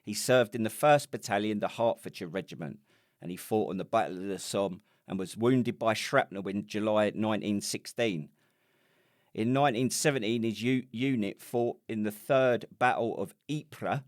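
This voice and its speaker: Sweary low-voiced English man chatting. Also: normal speed, dry recording, studio quality. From England. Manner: sweary, rambling banter. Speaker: podcast co-host. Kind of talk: casual chat.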